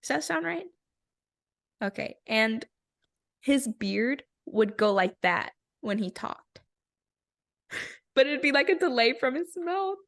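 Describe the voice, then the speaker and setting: A young woman co-hosting a podcast, chatting casually and telling animated stories with frequent giggles. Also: high voice, slow pace, gravelly, pauses often. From rural area. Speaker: podcast co-host. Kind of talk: casual chat.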